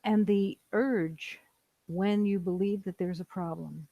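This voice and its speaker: A spiritual teacher giving a slow, meditative talk in calm, repeated declarations. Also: medium pitch, creaky, dry recording, lo-fi sound. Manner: calm, repetitive, declarative phrasing.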